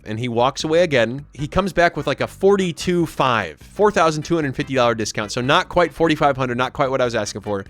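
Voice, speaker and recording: A man's voice: fairly high pitch, lively intonation, a little fast, hardly any pauses, fairly bright tone. A young man casually telling a rambling story to his stream audience, often mimicking the people he quotes. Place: home streaming setup. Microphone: studio mic.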